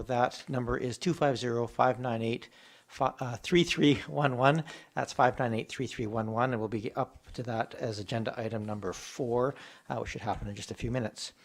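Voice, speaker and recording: Measured man chairing a meeting. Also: medium pitch. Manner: measured, procedural, hesitant. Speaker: mayor chairing a council meeting. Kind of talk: formal meeting procedure. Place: council chamber.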